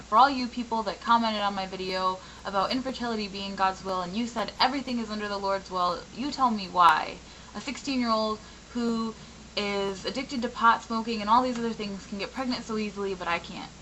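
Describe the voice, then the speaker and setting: A woman in her twenties, a little raspy from a sore throat, talking candidly in a rambling personal vlog. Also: mid-range voice, quick pace, hardly any pauses, bright, forceful tone, slight background noise, poor audio. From Michigan, US. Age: 20s. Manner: candid, frustrated, rambling with many fillers. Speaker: vlogger.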